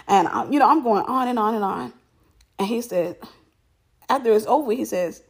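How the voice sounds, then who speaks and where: A woman telling a personal story in casual chat, animated and repeating herself for emphasis. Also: on the high side, moderate pace, slightly rough.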